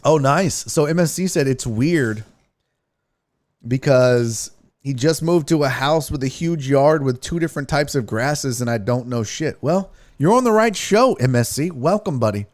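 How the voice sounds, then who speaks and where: A man's voice: mid-range voice, animated, moderate pace, darkish tone. A man hosting a sports livestream in casual chat, joking around with playful, crude banter while reading viewer donations. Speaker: sports show host.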